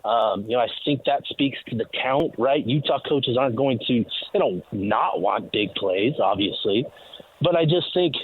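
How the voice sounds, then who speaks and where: A man's voice: mid-range voice, lively intonation, moderate pace, slight background noise. A man calling in as a team insider, giving casual sports analysis with many fillers while walking to the stadium. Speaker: team insider on phone line. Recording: tinny phone line.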